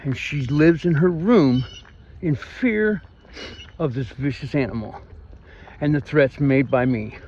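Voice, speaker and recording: A man's voice: fairly high pitch, takes it slowly, a little mellow, slight background noise. A man with a Missouri twang venting in a rambling, aggrieved vlog monologue. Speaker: vlogger.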